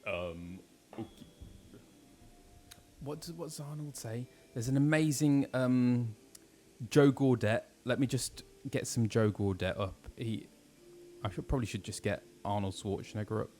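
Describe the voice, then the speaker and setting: A man's voice: mid-range voice, animated, unhurried, darkish tone, slight background noise. A British man, a voice actor, chatting casually and self-deprecatingly while streaming a game. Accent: British English. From Britain. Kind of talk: casual gameplay chat.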